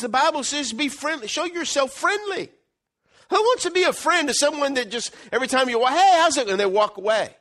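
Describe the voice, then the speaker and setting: Brief: animated middle-aged preacher, high lively voice, sermon delivery. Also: male voice. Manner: animated, acts out characters, swings loud and quiet. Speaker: pastor.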